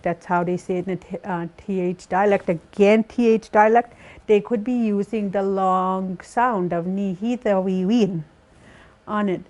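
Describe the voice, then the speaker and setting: Slow-spoken woman teaching a lesson. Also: medium pitch, fairly even intonation, darkish tone. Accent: Saskatchewan Cree. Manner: slow and careful, breaks words into syllables. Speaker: language teacher. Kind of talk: recorded language lesson.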